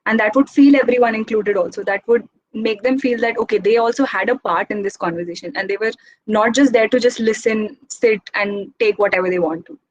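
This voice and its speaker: A young woman giving an informal talk as guest speaker, speaking quickly in a chatty, encouraging way. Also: mid-range voice, no echo, poor audio. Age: young adult.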